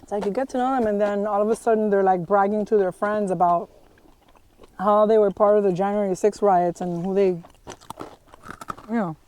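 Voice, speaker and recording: A woman's voice: mid-range voice, fairly even intonation, normal speed, pauses often, darkish tone. A young woman chatting casually as a podcast guest outdoors, blunt and chatty and swearing freely. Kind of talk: casual chat. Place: outdoors on a trail.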